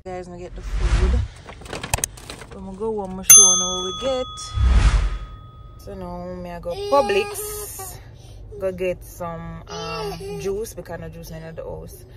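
Slow-talking woman vlogging. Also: on the low side, expressive, heavy background noise. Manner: chatty, coos at her small child. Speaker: family vlogger. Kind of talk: casual vlog chat to camera.

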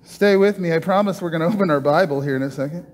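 A man's voice: fairly high pitch, fast talker. A man preaching a casual sermon, chatting and joking with the congregation while doing a trick.

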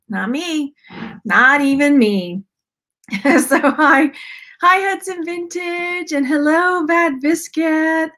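A woman's voice: high-pitched, fairly bright tone. A Southern American woman hosting a live jewelry unboxing stream, chatting in a rambling, friendly way and greeting viewers by name. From Texas. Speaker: YouTube host. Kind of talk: casual live-stream chat.

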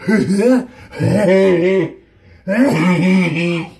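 Hyper high-voiced young man vlogging. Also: drawn-out words, vocal fry, darkish tone. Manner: hyper and giddy, swinging from squeals to mutters. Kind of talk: hyper casual vlog monologue.

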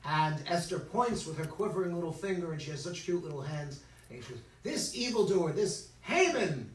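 Guy telling a funny story at a shabbat service, higher voice, echoey hall, mic kinda far off. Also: a little fast, slight background noise. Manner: joking, playful asides to the congregation. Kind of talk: humorous storytelling sermon. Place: synagogue sanctuary.

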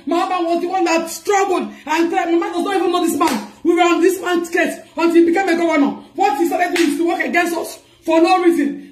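A woman's voice: extremely high pitch, quick pace, hardly any pauses, echoey room, slight background noise. A woman with a Nigerian accent making a distressed public appeal, pleading frantically and repeating cries for help. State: distressed and crying out.

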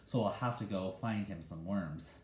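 A man's voice: deep voice, moderate pace, close to an everyday voice. A man voicing an eager, chatty little boy who keeps asking questions. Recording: echoey room.

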